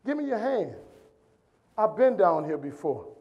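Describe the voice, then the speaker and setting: A man with a Southern accent voicing a loyal friend who talks slowly, calmly and reassuringly. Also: sits high, dull audio. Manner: calm, reassuring, slow. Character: steady, loyal male friend who knows the way.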